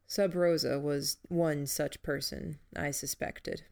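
Gravelly, unhurried woman narrating a story. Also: low voice, steady tone, darkish tone. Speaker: audiobook narrator. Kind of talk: first-person audiobook narration.

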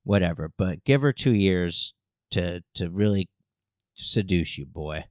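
A man's voice: sits low, expressive, measured pace, a little mellow, no echo. A man voicing a laid-back king striking a casual, dismissive bargain.

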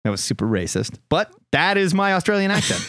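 Enthusiastic male podcast host, fairly high voice, lively, dry close sound. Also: fairly quick, no echo. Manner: enthusiastic, hyped announcer bursts. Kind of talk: casual comic book podcast chat.

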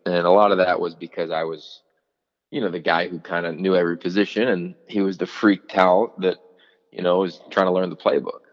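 With a low-pitched voice and a slightly quick pace, a forties-aged former player and coach, now a college football analyst, tells animated stories on a podcast, full of restarts and fillers and acting out quotes. The recording is muffled with a long reverb tail.

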